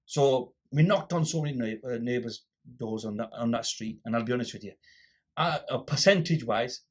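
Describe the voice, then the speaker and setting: A man tells a story in casual podcast chat, putting on voices for the people he quotes. His voice is slightly husky, at a middle pitch. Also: normal speed. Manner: animated storyteller acting out quoted exchanges. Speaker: podcast guest.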